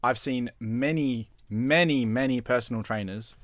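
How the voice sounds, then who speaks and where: A man's voice: mid-range voice, measured pace, no room sound. A man, a personal trainer guest, chatting earnestly and repeating words as he thinks aloud. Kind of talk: casual chat.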